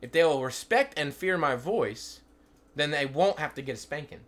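A man's voice: a little high, lively intonation, normal speed, a bit bright. A man in his thirties teaching from the Bible to a small group, emphatic and full of questions to his listeners. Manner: emphatic, repeatedly calls for attention, asks the listeners questions.

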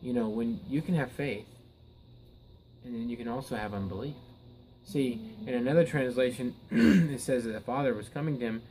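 A man's voice: mid-range voice, normal speed, mellow, soft background music, poor audio. A man preaching a Bible teaching sermon in an earnest way. He often repeats words and restarts his sentences, then rises to emphatic peaks.

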